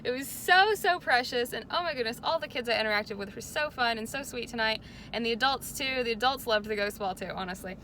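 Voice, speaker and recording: A woman's voice: a little high, brisk, pushed and bright, a little hiss or hum. A young woman chatting casually to camera in a vlog, bubbly and gushing, with lots of fillers. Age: young adult. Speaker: vlogger.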